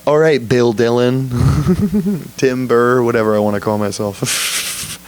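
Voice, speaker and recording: A man's voice: medium pitch, unhurried, a little hiss or hum. A young man hosting a solo podcast, rambling profanely in a casual rant, often laughing at himself. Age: young adult. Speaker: podcast host.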